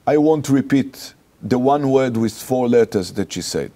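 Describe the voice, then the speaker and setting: A rabbi guest in an interview, speaking with an Israeli accent in a mid-range voice, relates a personal anecdote. His non-native English comes out animated and halting.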